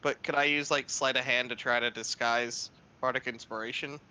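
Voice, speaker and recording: A man's voice: mid-range voice, fairly even intonation, normal speed, sharp tone, a little hiss or hum. A man playing a tabletop game, chatty and eager. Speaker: player. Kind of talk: casual tabletop play.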